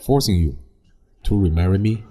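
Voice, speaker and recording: A man's voice: low-pitched, expressive, normal speed, mellow. A man voicing a cold, dismissive man speaking to his ex-wife in a dubbed drama. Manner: cool, dismissive.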